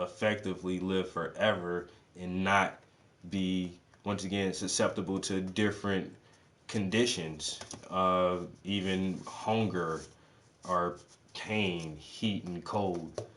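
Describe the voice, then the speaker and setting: Laid-back swearing man, low voice. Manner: loose, profane, thinking out loud with fillers. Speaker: art stream host. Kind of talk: casual rambling chat.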